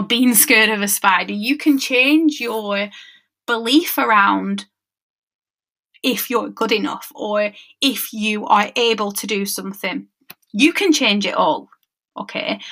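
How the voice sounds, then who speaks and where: A woman talks through a solo podcast episode as a mindset coach. She sounds chatty and conversational and keeps checking in with her listeners. Her voice sits a little high, with a bright, forceful edge. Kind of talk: casual solo podcast talk.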